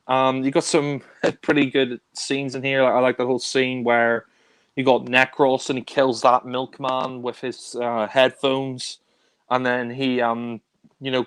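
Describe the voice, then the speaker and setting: A man's voice: mid-range voice, clear, resonant tone, no echo. A man casually reviewing spy films, rambling with many fillers and restarts. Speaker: film reviewer. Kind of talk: casual film discussion.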